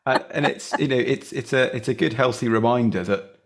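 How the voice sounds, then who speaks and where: A man hosting a casual interview over a video call, with a husky voice, supportive and hesitant, often restarting his sentences. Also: medium pitch, a little fast. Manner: hesitant, supportive, many restarts and agreeing murmurs. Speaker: podcast host.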